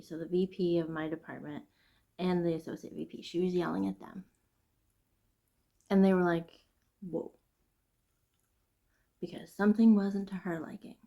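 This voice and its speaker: A woman hosting a casual knitting vlog, chatting and venting in an animated, chatty way. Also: fairly low pitch, normal speed, creaky. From Midwest United States. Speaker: knitting podcast host. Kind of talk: casual chat.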